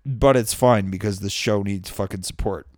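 On a studio microphone with a little hiss or hum, a podcast host rambles solo, swearing freely and poking fun at himself through crude extended metaphors. His voice is on the low side at a normal speed.

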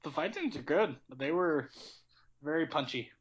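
A young man in casual film chat, animated and laughing often. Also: on the high side, moderate pace, a little hiss or hum. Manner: animated, laughing, acts out quotes.

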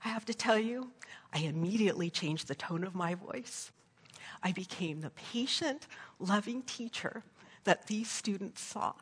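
A woman's voice: mid-range voice, unhurried, husky. A woman preacher giving an earnest sermon that tells a story and moves into prayer, often checking in with "right?". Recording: long hall reverb.

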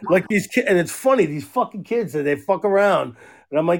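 A middle-aged man co-hosting a casual podcast, swearing freely and getting excited enough to shout. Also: high-pitched, fairly quick. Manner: profane, excitable, shouts when riled up. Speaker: podcast co-host. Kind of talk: casual chat.

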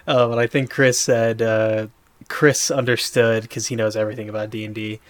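A man co-hosting a podcast, retelling a game moment in a rambling, animated way with many fillers. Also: lowish voice, normal speed. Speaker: podcast co-host. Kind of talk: casual chat.

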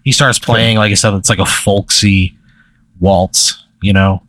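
A man's voice: lowish voice, fairly even intonation, measured pace, fairly bright tone, dry recording. A man telling a long, rambling comedic story in casual chat, full of "like" and "right?".

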